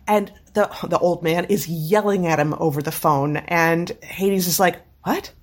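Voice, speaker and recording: A woman's voice: on the low side, fairly even intonation, a little slow. A woman co-hosting a podcast, chatting casually and enthusiastically retelling a webcomic's scenes. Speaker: podcast co-host. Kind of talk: casual chat recapping a webcomic.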